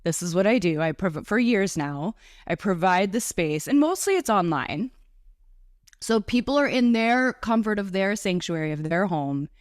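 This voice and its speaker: Chatty, enthusiastic woman, low-pitched. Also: no room sound, clean studio sound. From New York area. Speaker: guest, breathwork and Reiki facilitator. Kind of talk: casual conversational interview.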